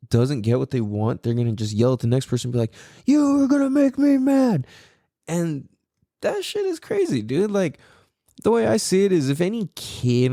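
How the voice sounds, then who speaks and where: A man's voice: medium pitch, creaky, mellow, dry recording, studio quality. A man in his forties, hosting a podcast, telling a story in a casual, profane way and laughing often. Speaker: podcast host.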